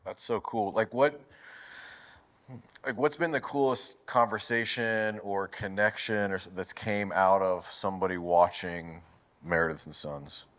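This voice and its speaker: Relaxed low-voiced male host. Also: unhurried. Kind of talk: casual interview chat.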